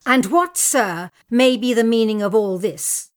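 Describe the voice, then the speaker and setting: A woman's voice: a little high, expressive, measured pace. A young woman playing a distressed young noblewoman, speaking with emotion in a dramatic audiobook reading. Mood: indignant. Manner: emotional, pleading and indignant.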